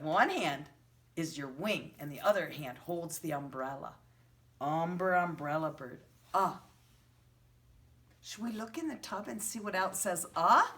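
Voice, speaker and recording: A woman teaching a virtual preschool lesson to young children, drawing out letter sounds in a slow, exaggerated way. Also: fairly low pitch, fairly bright tone.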